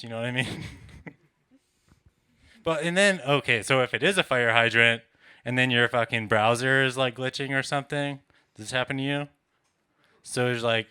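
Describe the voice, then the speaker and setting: A man's voice: mid-range voice, moderate pace, bright, forceful tone, smooth. A man doing a stand-up set, ranting in an exasperated, profane way. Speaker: stand-up comedian. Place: comedy club stage.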